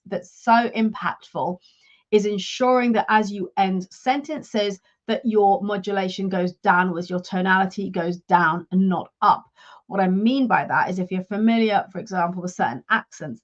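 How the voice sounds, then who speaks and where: A woman working as a leadership and career coach, giving a measured, instructive talk straight to her live viewers. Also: medium pitch, muffled recording.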